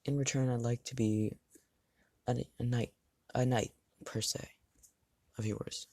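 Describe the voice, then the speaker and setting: A man voicing a confident young swordsman with ice magic in his own voice, calm and self-assured. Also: medium pitch, measured pace, no room sound, studio quality, lightly acted.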